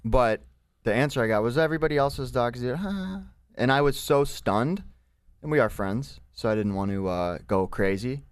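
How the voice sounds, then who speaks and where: A man's voice: medium pitch, animated, unhurried, clean tone, no echo. A man chatting casually on a podcast, mostly giving short agreeing replies. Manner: laid-back, brief agreeing replies. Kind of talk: casual chat.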